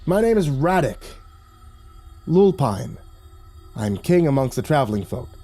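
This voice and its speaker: A man's voice: mid-range voice, sing-song, measured pace, warm tone, pitched above the performer's own voice. A man voicing a towering, scarred, menacing stranger with a strange accent and a raised, falsely friendly voice. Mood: sly. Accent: strange foreign accent. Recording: faint music behind.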